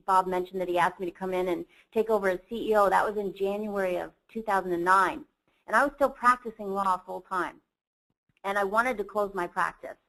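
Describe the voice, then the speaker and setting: A woman speaks in a webinar, telling a personal story with earnest enthusiasm. Her voice is of middling pitch for a woman, and she talks like a presenter speaking to an audience she is trying to inspire. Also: fairly bright tone, low-quality recording. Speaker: company CEO presenter.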